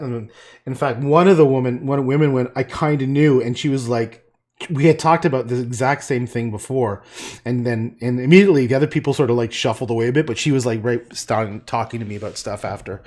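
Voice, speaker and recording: A middle-aged man chatting casually and gruffly while he paints on a livestream, swearing and laughing often. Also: medium pitch, darkish tone.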